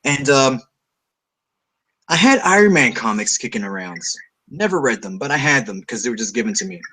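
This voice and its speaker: A man from Canada chatting casually about comics, blunt and animated. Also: medium pitch, normal speed, breathy edge. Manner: animated, swearing, blunt opinions. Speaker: co-host. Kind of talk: casual chat.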